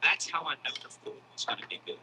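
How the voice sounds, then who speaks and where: A man telling a comic story in a casual, animated style, swearing freely and acting out other people's voices. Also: fast, a little hiss or hum, poor audio. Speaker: comedian. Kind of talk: stand-up comedy storytelling.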